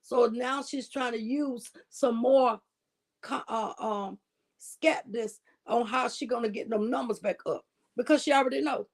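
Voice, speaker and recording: A woman hosts a livestream, giving emphatic, preachy commentary. She often checks in with "right?" and speaks in a slightly high voice. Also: measured pace. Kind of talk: casual commentary.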